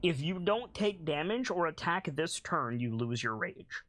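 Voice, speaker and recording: A man narrating a tabletop game as game master, animated and giggly, often restarting his sentences. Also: fairly high pitch, a little slow.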